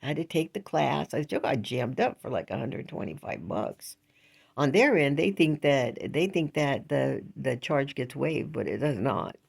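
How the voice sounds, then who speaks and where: A woman's voice: a bass voice, expressive, normal speed, vocal fry, darkish tone, breathy edge. An older woman vlogging in a casual, rambling monologue, indignant and chatty, with frequent laughs.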